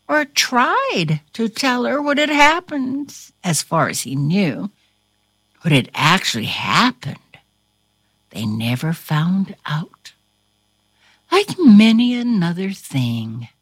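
A woman's voice: low voice, husky, no echo. A woman reading a storybook aloud with theatrical flair, dropping to whispers and rising to cries, then chatting with her listener.

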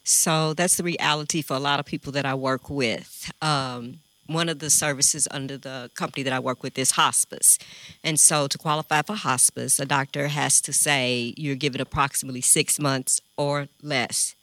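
Calm, measured woman explaining grief. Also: very deep voice, no room sound. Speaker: hospice grief worker. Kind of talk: panel discussion answer.

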